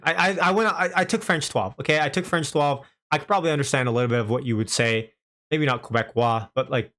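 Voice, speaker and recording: A man's voice: mid-range voice, fairly bright tone. A young man from Canada with a light Canadian accent, hosting a casual live stream, chatty, often laughing and reading out viewers' chat messages. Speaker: livestream host.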